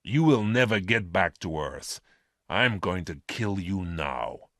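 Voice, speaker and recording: A man's voice: low voice, expressive, takes it slowly, a bit bright, no echo, studio quality, exaggerated voice. A man voicing a ruthless male space criminal leader in a storybook reading, with a hard, scheming manner. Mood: harsh.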